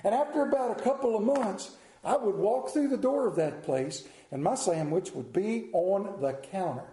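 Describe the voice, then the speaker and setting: A man telling a folksy story with a dramatic, drawn-out delivery and slowed emphasis. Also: high voice, dark tone. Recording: roomy echo.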